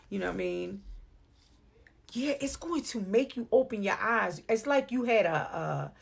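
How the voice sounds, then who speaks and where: A woman's voice: fairly high pitch, animated, normal speed, vocal fry. A woman with a New York accent giving a casual, playful tarot reading to camera, calling the viewer "beloved". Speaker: tarot reader. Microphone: phone or webcam on video.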